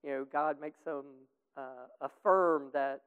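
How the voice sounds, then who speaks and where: A man guides a group Bible study in a loose, rambling manner heavy with fillers, and the tinny, phone-like line carries long reverb. His smooth voice is fairly high, with a steady tone and slow pace.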